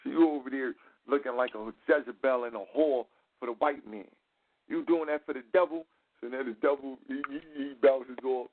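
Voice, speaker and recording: A man hosting a casual talk show, telling a profane, animated street-slang story. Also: medium pitch, fairly quick. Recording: tinny phone-like sound.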